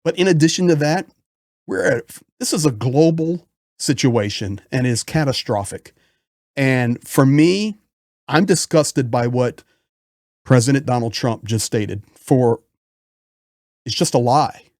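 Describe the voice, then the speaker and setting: A man's voice: medium pitch, expressive, a little slow, long pauses, darkish tone, no room sound, studio quality. A man giving impassioned political commentary in a frustrated, emphatic way.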